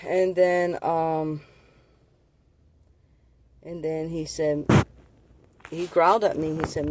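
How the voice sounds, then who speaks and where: A man's voice: fairly high pitch, flat delivery, takes it slowly, long pauses, background noise. A man giving an earnest, rambling personal testimony of his dreams and visions, often repeating and restarting his words. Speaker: vlogger sharing visions.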